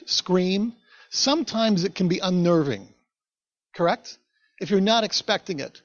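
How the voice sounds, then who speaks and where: A man's voice: high voice, dry recording. Male pastor, conversational storytelling sermon, dry close sound. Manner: conversational, chatty asides to the congregation. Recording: dull, dry recording.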